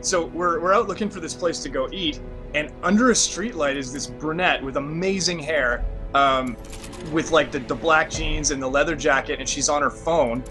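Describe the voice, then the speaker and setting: A man's voice: fairly high pitch, moderate pace, over music. A man with a Canadian accent, a game developer guest telling stories in casual interview chat. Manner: chatty storyteller, laughs easily.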